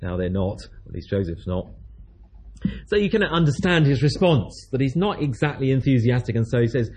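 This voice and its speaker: A man's voice: medium pitch, sing-song, normal speed, darkish tone, slightly rough. A man preaching a sermon, telling a story in a chatty way and acting out the voices of its people.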